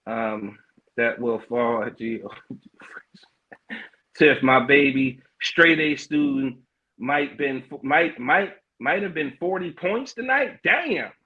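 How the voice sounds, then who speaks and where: A man's voice: fairly high pitch, lively intonation, narrow, tinny audio. Hyped man hosting a podcast stream. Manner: loose and hyped, lots of slang and fillers, quick laughs. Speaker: podcast host. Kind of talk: casual livestream chat, reading out comments.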